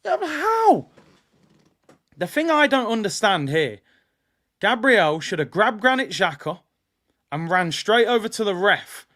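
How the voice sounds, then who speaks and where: Young man, raised pitch, live match watch-along host, insistent and repetitive. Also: measured pace. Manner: animated, repeats himself, argues with chat. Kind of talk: casual live match commentary.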